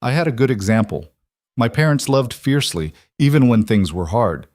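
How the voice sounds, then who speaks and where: A man voicing a devoted single father who speaks in an earnest, steady way, in a dry recording. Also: mid-range voice, moderate pace, dry recording, close to an everyday voice.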